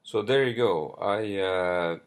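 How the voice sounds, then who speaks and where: A man hosting a solo podcast, ranting angrily with lots of swearing, fillers and apologies. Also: low-pitched. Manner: angry, profane, halting with many fillers and apologies. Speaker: podcast host. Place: New York.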